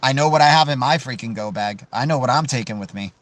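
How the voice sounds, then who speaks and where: A man hosting a casual crypto livestream, answering viewer questions in an animated, emphatic way and tossing in "dude" and "man". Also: mid-range voice, quick pace. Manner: animated, peppers speech with "right?", "dude" and "man"; emphatic, swears mildly for emphasis.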